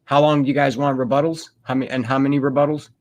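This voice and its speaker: A man's voice: medium pitch, level tone, quick pace. A man casually moderating an online debate, sorting out the format. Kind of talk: casual chat.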